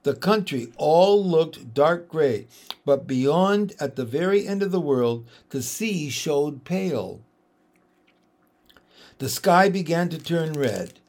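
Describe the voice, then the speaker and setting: A man reads a children's storybook aloud in a fairly high voice. He takes his time and gives each line expression. The pace is slow and deliberate throughout. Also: expressive, a little mellow. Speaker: audiobook reader. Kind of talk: storybook narration.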